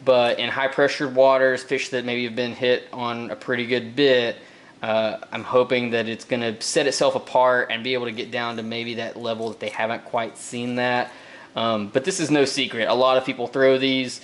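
A man chatting casually as he unboxes fishing gear, relaxed and rambling, with lots of fillers and repeated words. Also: mid-range voice, normal speed. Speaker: fishing vlogger. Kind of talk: casual tackle unboxing talk.

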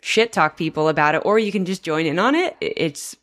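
A young female podcast host with a low voice, gushing and rambling with excitement. She talks over a video call in casual, chatty bursts. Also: fairly quick. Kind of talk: casual interview chat.

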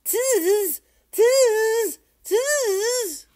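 Cheeky storybook monkeys, as a grandmother voices them, chant back in a squeaky, very high voice. The tone is lively and teasing. Each sound comes slow and drawn out. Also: full character voice. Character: cheeky mimicking tree monkeys.

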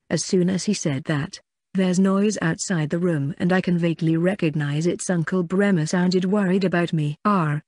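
A narrator reading a first-person story in an even, matter-of-fact way. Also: mid-range voice, normal speed, no room sound, studio quality. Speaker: audiobook narrator.

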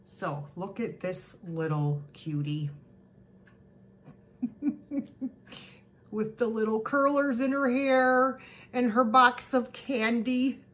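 A woman's voice: on the high side, takes it slowly, fairly bright tone. A woman chatting casually to camera as she shows her yard sale haul, gushing over each cute find. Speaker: thrift haul vlogger. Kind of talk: casual show-and-tell chat.

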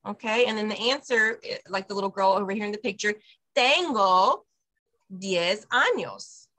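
A woman directing an online Spanish class for parents, upbeat and patient, modeling each phrase slowly over a video call. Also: medium pitch, fairly even intonation, a bit bright. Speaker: bilingual preschool director teaching parents.

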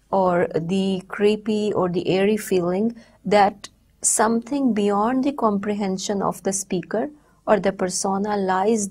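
Woman lecturer, mellow, slightly husky, measured, pauses often. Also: medium pitch. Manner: measured explanatory delivery with frequent "uh" pauses. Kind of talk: recorded university lecture.

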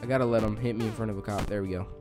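Excitable young man playing a game. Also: lowish voice, racing, soft background music. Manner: excitable, yelps and shrieks when attacked. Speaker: gaming YouTuber. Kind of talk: let's play commentary.

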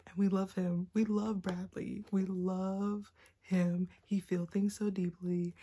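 A sleep-deprived woman in a book vlog, talking fast and giddy in a half-whisper, with a mix of Southern and Californian American accent. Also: medium pitch, steady tone, warm tone, breathy edge. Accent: mixed Southern and Californian American. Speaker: book vlogger. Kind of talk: excited early-morning book chat.

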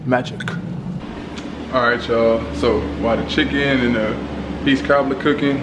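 A man's voice: medium pitch, noisy background. A young man chatting casually to the camera as he cooks in a home kitchen, talking straight to his viewers. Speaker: cooking vlogger.

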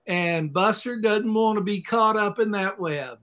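Guest expert from Oklahoma, man with a high voice, drawn-out folksy talk. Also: a bit bright. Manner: unhurried, folksy imagery. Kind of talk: casual chat.

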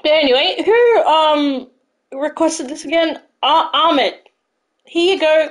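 A woman streaming a game live, talking to her viewers in a high, bouncy voice. She chats casually and gushes with excitement, her pitch swinging all over. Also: unhurried, low-quality recording. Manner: gushing, excitable, thanks followers. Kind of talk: casual live-stream chat while playing.

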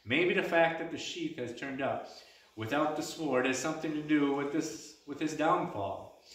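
A man voicing a spirited young tavern girl who talks briskly and bossily, with old-style turns of speech like "ye". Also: on the high side, a bit bright, pitched above the performer's own voice, lightly acted. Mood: earnest. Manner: brisk, bossy, uses old-style "ye" and "me mum". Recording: echoey room, mic at a distance.

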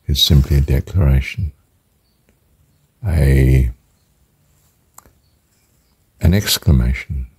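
Very deep, husky man musing slowly. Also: darkish tone. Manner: slow and ponderous, repeating phrases over and over. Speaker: speaker reflecting on a spiritual phrase. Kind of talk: musing spiritual talk.

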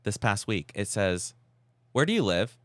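A man's voice: lowish voice, unhurried, dry recording. A man co-hosting a podcast, telling a story in casual chat with lots of quoted dialogue. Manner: animated storytelling, mimics quoted texts. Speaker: podcast co-host.

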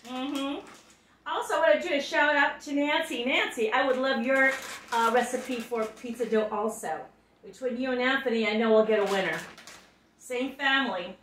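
A woman's voice: high voice, normal speed, a bit bright. A woman hosting a casual home cooking video, chatty and laughing often, talking straight to her viewers. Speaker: home cooking show host. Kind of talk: casual cooking demo chat. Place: home kitchen. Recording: echoey kitchen with faint noise.

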